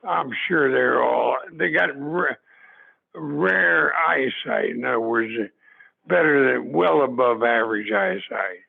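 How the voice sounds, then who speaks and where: A man's voice: mid-range voice, slow pace, gravelly. An older man, a former ballplayer, tells stories in a rambling way, restarting and repeating himself often. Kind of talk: anecdotal storytelling. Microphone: video call. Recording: tinny phone-like video call audio.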